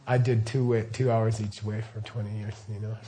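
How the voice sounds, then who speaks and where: This middle-aged Buddhist teacher speaks briskly in a fairly low, level, dark voice, with a little hiss or hum audible. His casual teaching rambles loosely as he keeps checking in, asking listeners questions and often saying "okay" and "right."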